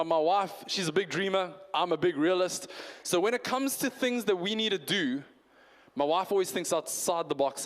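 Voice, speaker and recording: A man's voice: on the high side, long reverb tail. A man preaching a conversational New Year's Eve sermon, asking his congregation questions. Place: church hall.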